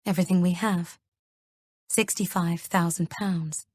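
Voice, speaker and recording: Worried young husband, hesitant and gentle, read by a woman narrator; low, dry recording. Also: steady tone, unhurried, slightly rough, dry recording. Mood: earnest. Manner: soft, hesitant pleading. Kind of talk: audiobook character reading.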